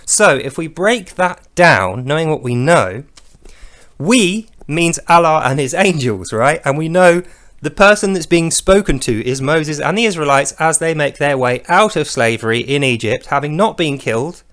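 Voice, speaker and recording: A man giving sarcastic, mocking commentary to camera as a video commentator, breaking into loud comic voices for the quotes he acts out. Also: a little high, expressive, moderate pace.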